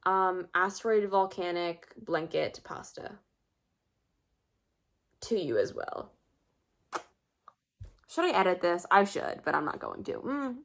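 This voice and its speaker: A woman's voice: lowish voice, animated, a little slow, fairly bright tone. A teenage girl vlogging in a casual, rambling, self-mocking monologue full of filler words. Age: teens.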